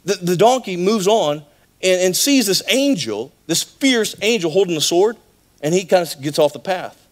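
A man preaching a sermon in a church, telling a Bible story in an animated way with acted voices. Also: high-pitched, normal speed. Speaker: pastor.

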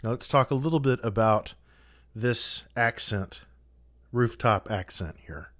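A man's voice: medium pitch, unhurried, a bit bright, dry recording, studio quality. A man teaching trombone in a practice guide, giving methodical, direct advice to his students.

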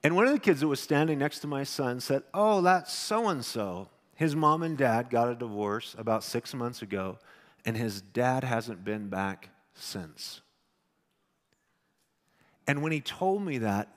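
Middle-aged man preaching a sermon, mid-range voice, animated storyteller who drops to a hush, long hall reverb. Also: mid-range voice, measured pace. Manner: animated storyteller, swings from loud to hushed. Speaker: pastor.

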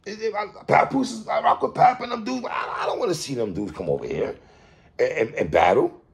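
A man hosting a casual hip-hop commentary monologue, animated and quick to laugh and exclaim. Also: mid-range voice, vocal fry.

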